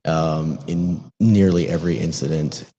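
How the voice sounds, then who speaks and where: A man being interviewed as a city council member, answering in a measured, earnest way. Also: very deep voice, steady tone, warm tone, breathy edge, highs cut off. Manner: measured, earnest, civic talking points.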